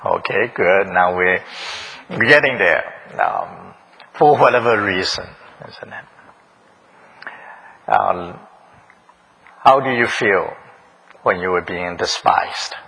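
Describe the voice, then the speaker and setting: A man's voice: low-pitched, slow, vocal fry, long pauses, pushed and bright, a little hiss or hum, rough recording. A man preaching a sermon in a church, questioning the congregation, repeating their answers and chuckling often. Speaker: pastor. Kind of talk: interactive sermon.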